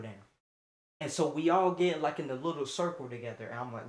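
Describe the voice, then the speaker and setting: Animated young man telling a wild story. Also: brisk. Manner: animated, laughing, with sudden high-pitched outbursts. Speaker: streamer. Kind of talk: casual storytime livestream.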